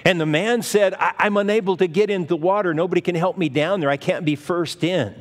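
A man's voice: high voice, fairly quick, big-room sound. A male pastor giving a conversational sermon, acting out the voices of the people in the Bible stories.

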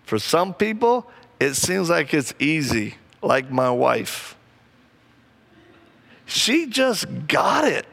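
A male preacher with a gravelly, somewhat high voice, delivering a sermon. He mixes preaching with personal stories, acting out the people in them in an animated way. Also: slow, long pauses. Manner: animated, acts out quoted people, laughs often.

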